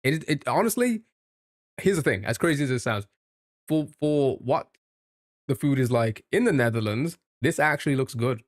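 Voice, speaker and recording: A man with a mid-pitched voice chatting casually on a live stream. He thinks out loud as he guesses and jokes with his viewers, and his voice sounds close and dry with no room around it. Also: expressive, normal speed, dry recording. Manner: thinks aloud while guessing, chatty and joking with chat.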